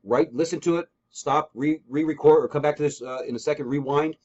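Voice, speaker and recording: A man's voice: a little high, brisk, a little mellow. A man giving an emphatic coaching talk on a training call, repeating key points and acting out sample scripts. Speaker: real estate trainer. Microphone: call recording. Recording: dull lo-fi call audio.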